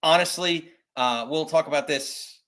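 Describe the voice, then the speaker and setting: Bright-voiced male podcast host. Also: fairly high pitch, unhurried. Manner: conversational, runs through rankings. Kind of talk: casual chat.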